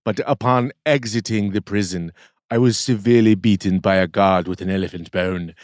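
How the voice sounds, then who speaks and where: A man playing a grown man who spins an absurd, grim backstory in a deadpan way. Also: on the low side, moderate pace, no room sound, studio quality, close to an everyday voice. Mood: mock-solemn.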